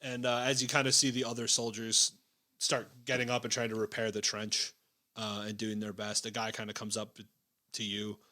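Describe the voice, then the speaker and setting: A man narrating a tabletop war role-play as game master, describing scenes in a measured way with frequent fillers. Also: lowish voice, level tone, bright, forceful tone.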